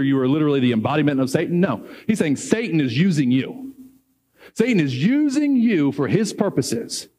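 Animated preaching man. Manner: animated, rising high when excited, acts out quoted dialogue. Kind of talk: sermon.

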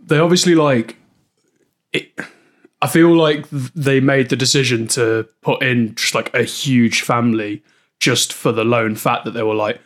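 A man's voice: mid-range voice, steady tone, unhurried. A man co-hosting a podcast, chatting casually about films with dry, understated jokes. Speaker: podcast co-host.

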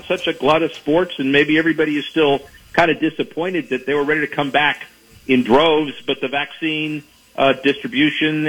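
A man calling in as a sports business guest, measured and hedging with a dry humor. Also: on the high side, a bit bright, poor audio. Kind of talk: call-in analysis.

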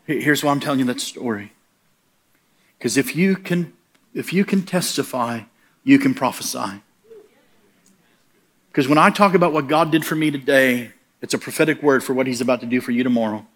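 Animated, plain-spoken male preacher. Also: medium pitch, normal speed, long pauses. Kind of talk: humorous storytelling sermon.

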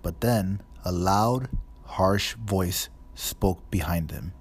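A man narrating a storybook in a measured, even reading. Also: sits low, breathy edge. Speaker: audiobook narrator.

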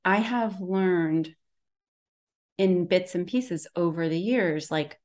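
A woman's voice: fairly low pitch, slow pace, darkish tone. A woman wellness practitioner talking casually and at length, rambling with lots of fillers as she tells a story. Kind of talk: casual conversation.

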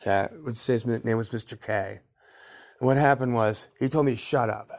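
A man's voice: medium pitch, fairly quick. A man telling rambling stories about his youth in a casual podcast memoir, swearing freely and laughing at his own tales. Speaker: podcast storyteller.

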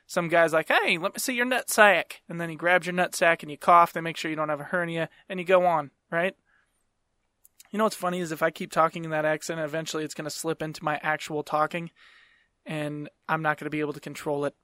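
Man, podcast host, casual rambling stories, lots of swearing, laughs as he talks, slightly high voice, dry close sound. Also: level tone, quick pace, sharp tone, no room sound. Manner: profane rambling storyteller; laughs mid-sentence. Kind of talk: casual chat.

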